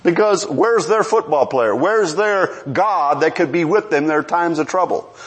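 A man preaching a sermon in an animated way, asking the congregation questions and chuckling as he goes. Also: a little high, normal speed.

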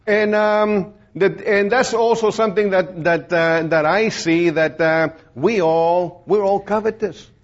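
High-voiced man preaching, rambling. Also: unhurried, hardly any pauses. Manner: rambling, many fillers and restarts; plain-spoken, folksy. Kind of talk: informal sermon. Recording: dull lo-fi recording.

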